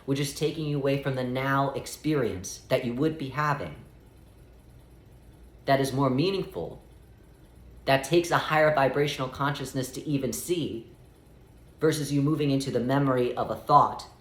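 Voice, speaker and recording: A man giving a spiritual guidance talk, speaking as "we" in a measured way and stretching out key phrases. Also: mid-range voice, echoey room. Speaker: spiritual teacher.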